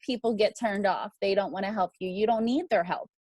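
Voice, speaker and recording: A woman's voice: mid-range voice, animated, a little fast, a little mellow, dry recording. A woman teaching a crowdfunding class, upbeat and emphatic. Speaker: crowdfunding instructor.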